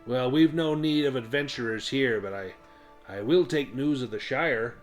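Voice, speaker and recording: A man voicing a surly, gruff older farmer who barks at his dogs and at strangers, louder and higher than his own narrating voice. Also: normal speed, soft background music, natural voice.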